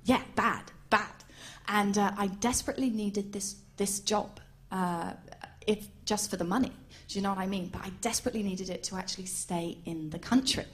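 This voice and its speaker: A woman doing stand-up comedy, chatty and animated, laughing along as she tells a story and puts on voices. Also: medium pitch, normal speed. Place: comedy stage before an audience.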